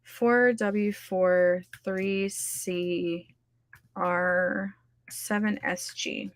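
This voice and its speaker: A woman hosts a casual livestream where she runs writing sprints, chatting to her live audience in a scattered way and laughing often. Her voice is medium-pitched and steady in tone, she speaks very slowly, and the recording is dry.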